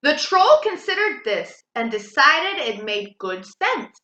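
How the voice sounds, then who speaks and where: Woman storytime reader, slow and expressive, bright voice; roomy echo. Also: sits high. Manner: expressive, sing-song read-aloud. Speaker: children's storytime host. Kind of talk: reading a storybook aloud.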